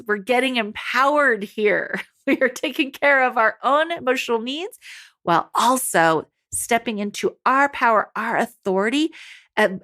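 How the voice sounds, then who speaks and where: A woman's voice: fairly high pitch, fairly bright tone. A woman life coach talking to mothers in a monologue, upbeat and encouraging, speaking straight to her listeners.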